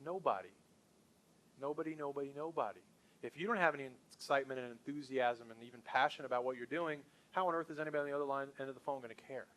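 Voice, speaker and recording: A man's voice: medium pitch, quick pace, fairly bright tone. A middle-aged man leading a sales training session for a group, talking in an enthusiastic, punchy, conversational way.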